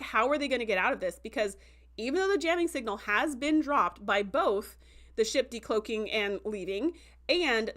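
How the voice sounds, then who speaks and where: A young adult woman recapping an episode in a casual livestream, animated and full of fillers, acting out quoted reactions as she goes. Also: on the high side. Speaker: show reviewer.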